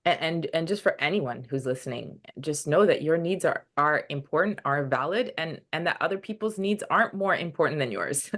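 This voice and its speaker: A woman's voice: low-pitched, lively intonation, fairly bright tone. A woman being interviewed as a podcast guest, talking earnestly with many restarts and acted-out quotes. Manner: earnest, halting, acts out quoted dialogue. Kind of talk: casual interview chat.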